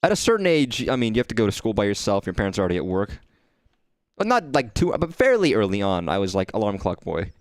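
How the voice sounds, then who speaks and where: Guy streaming a game, lively chatty commentary, low voice, mimics the voices. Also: fast, no room sound. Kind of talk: live gameplay commentary.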